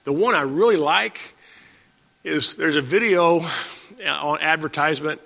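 A man's voice: a little high, a little slow, creaky, bright, forceful tone. A man preaching a sermon as pastor, in a folksy way with chuckling asides and many restarts. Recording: dull recording in a reverberant hall.

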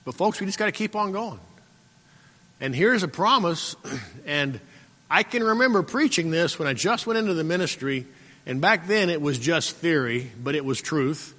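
A man preaching a sermon as pastor, exhorting and repeating himself, often clearing his throat and calling out for an amen. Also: a little high, expressive, moderate pace, bright, forceful tone. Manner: repetitive, exhorting, calls out "Amen?". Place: church sanctuary. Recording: long church-hall reverb.

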